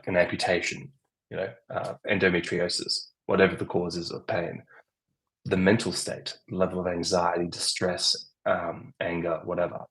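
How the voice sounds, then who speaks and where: Man, deep voice, breathy and husky, livestream Q&A, doctor, conversational, thinks aloud. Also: a bit bright, poor audio. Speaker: doctor answering viewer questions. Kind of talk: livestream Q&A with chat.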